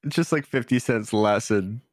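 Guy with a lowish voice joking thru an anime recap, dry close mic. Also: normal speed, no room sound. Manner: joking, recapping episodes, laughing often. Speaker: podcast host. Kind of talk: casual anime podcast chat.

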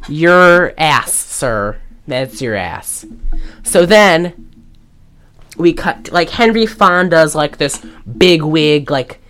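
A woman's voice: low-pitched, animated, very slow, a bit bright, faint music behind. A woman co-hosting a podcast, retelling a movie in a loose, rambling way full of fillers. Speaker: podcast co-host. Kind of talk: casual movie recap chat.

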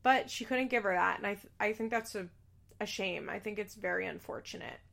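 A woman's voice: mid-range voice, a little fast, vocal fry, fairly bright tone. Young woman, mid-range voice, for a casual opinionated recap: blunt, exasperated, swears freely. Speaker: reality TV recapper.

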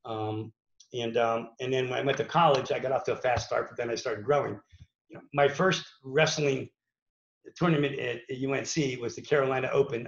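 A man's voice: mid-range voice, creaky. A man from Pittsburgh, a former wrestler, telling his story in a casual, rambling way with many fillers and restarts. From Pittsburgh, USA. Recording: echoey room, dull lo-fi sound.

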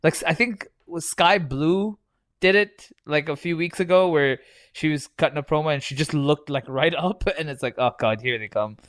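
A man co-hosting a podcast rants about what he dislikes and swears freely along the way. His voice sits slightly high, and the recording is dry and close, with little room sound. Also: moderate pace, fairly bright tone, no room sound. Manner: ranting, swears often, mimics people in quotes. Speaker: podcast co-host. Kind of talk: casual chat.

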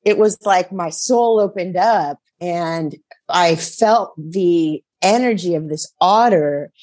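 A woman guest on a talk show, telling stories in a rambling, animated way, full of fillers and laughter. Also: lowish voice, takes it slowly. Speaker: psychic guest. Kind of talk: casual chat.

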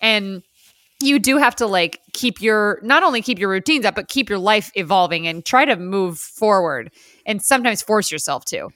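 A woman co-hosting a podcast, chatting casually about a movie, animated and giggly, acting out lines. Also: mid-range voice, normal speed, dry recording, clean studio sound. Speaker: podcast co-host. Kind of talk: casual chat recapping a movie.

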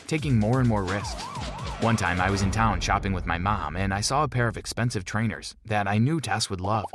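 A man narrating a first-person story in a measured, plain storytelling manner. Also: on the low side. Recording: music bed underneath.

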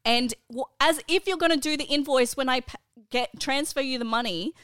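A mother co-hosting a chatty podcast tells a story with animated, exasperated energy, swearing and laughing often. Her voice is high-pitched, smooth and fairly quick, recorded in clean studio sound without echo.

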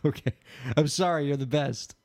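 Incredulous high-pitched podcast host. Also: male voice, moderate pace, gravelly, a little mellow. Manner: incredulous, exasperated reactions. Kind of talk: comedic podcast banter.

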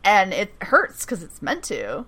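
A woman co-host chats through an episode recap in a bright, forceful voice. She is animated and giggly and swears casually as she retells scenes. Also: medium pitch, measured pace, husky. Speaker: podcast co-host.

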